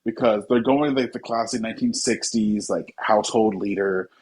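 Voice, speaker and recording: A man's voice: fairly low pitch, darkish tone, slightly rough, rough recording. A man co-hosting a casual movie podcast, thinking aloud and restarting his sentences as he goes. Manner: thoughtful, halting, many restarts. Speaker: podcast co-host. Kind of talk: casual chat.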